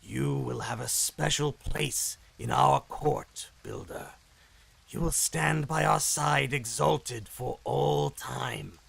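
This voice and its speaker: A man voicing an ancient female demon queen in a raspy, slow and menacing voice. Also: medium pitch, fairly bright tone, heavily acted, rough recording. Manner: slow, drawn-out, looming delivery.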